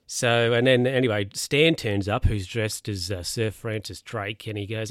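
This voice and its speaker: A man's voice: lowish voice, steady tone, moderate pace, few pauses, a bit bright, no room sound, studio quality. A man casually recapping a film plot, rambling with lots of fillers and corrections.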